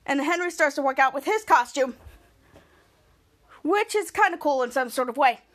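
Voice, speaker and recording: A woman hosting a podcast, excitedly recapping a TV episode in casual chat and laughing often as she retells the scenes. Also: high voice, moderate pace. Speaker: podcast host.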